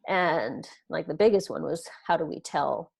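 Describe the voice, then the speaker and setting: A woman in her thirties speaks as a podcast guest, recounting her own story in an earnest way. Her voice sits a little low, and she slips into quoted dialogue as she tells it. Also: normal speed, gravelly, darkish tone, slightly rough. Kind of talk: personal storytelling in an interview.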